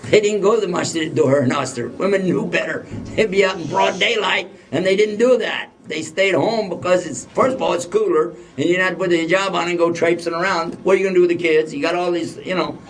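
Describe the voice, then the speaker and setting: Joking male lecturer, higher voice. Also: quick pace. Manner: joking, asks the audience questions. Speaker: Islamic lecturer. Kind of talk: lecture to a live audience. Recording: voice a bit distant from the mic.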